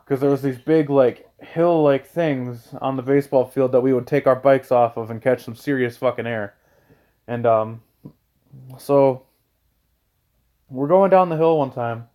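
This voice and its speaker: A man's voice: mid-range voice, a little slow, dark tone. A young man telling a childhood story in a casual, rambling way, repeating himself and swearing often. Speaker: gaming channel host telling a story.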